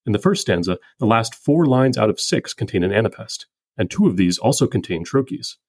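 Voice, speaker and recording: A man with a fairly low, breathy voice talks through the meter of a poem in a scripted, measured way. He explains each point methodically, like a podcast host giving a close reading. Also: sing-song, a little mellow, no room sound. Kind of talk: scripted poetry analysis.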